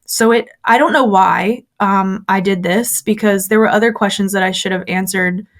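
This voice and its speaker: A woman's voice: medium pitch, steady tone, normal speed. A woman recounting her years in a church as an interview guest, telling the story animatedly and acting out what others said. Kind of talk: personal testimony in conversation.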